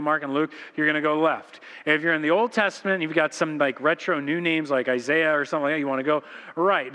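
Male pastor, fairly high pitch, animated and joking sermon delivery, church sanctuary echo. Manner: animated storytelling, informal and joking. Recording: long church hall reverb.

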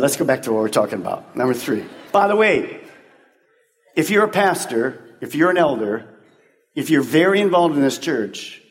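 A male pastor preaching to his congregation in an emphatic, conversational style full of rhetorical questions. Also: medium pitch. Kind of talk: sermon. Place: large church sanctuary. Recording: long church-hall reverb.

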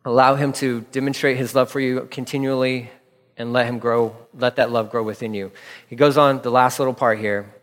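A male pastor preaching with emphatic repetition, slowing to a measured pace for scripture readings. His voice sits at an ordinary middle pitch. The sound carries a long reverb, as in a church sanctuary. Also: steady tone. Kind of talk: radio sermon.

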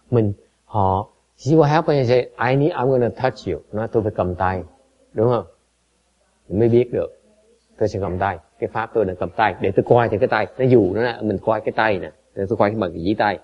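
Man, Buddhist teacher, lowish voice, halting storyteller who stumbles and repeats, muffled lo-fi recording. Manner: halting, repeats words, switches between two languages. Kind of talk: dharma talk with storytelling. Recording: dull lo-fi recording.

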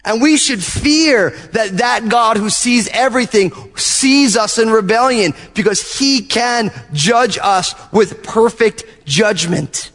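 A man pastor preaching a sermon, telling animated stories and acting out little asides to his congregation. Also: high voice, slow pace, few pauses, in a large hall. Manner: animated storytelling with acted-out asides.

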